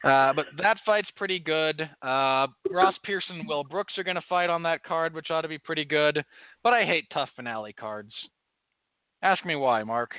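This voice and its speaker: Pedantic podcast guy, dry and exact, kinda high voice, smooth, phone-quality sound. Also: moderate pace, no echo. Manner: precise, dry, pedantic corrections. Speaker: podcast co-host and MMA commentator. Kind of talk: casual podcast banter.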